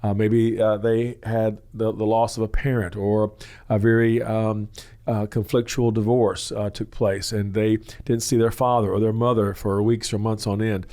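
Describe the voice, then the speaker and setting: A man hosting a church counseling show, explaining at length in a loose, rambling way, often pausing with "uh" and "you know". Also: on the low side, little pitch movement, warm tone. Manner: rambling, full of "uh" and "you know", acts out quoted voices. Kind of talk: teaching talk on a question-and-answer show.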